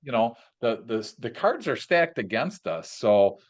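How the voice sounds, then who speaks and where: A man's voice: medium pitch, big pitch swings, unhurried. A man hosting a podcast, enthusiastic and affirming, using lots of fillers as he moves the conversation along. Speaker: podcast host. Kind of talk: podcast interview.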